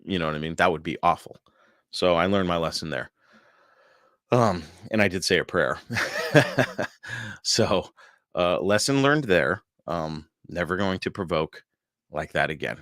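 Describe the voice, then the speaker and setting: A man's voice: deep voice, fairly bright tone, no echo, studio quality. A man hosting a podcast on his own, telling stories casually and laughing often, with loose, profane talk. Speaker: podcast host. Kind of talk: casual solo podcast storytelling.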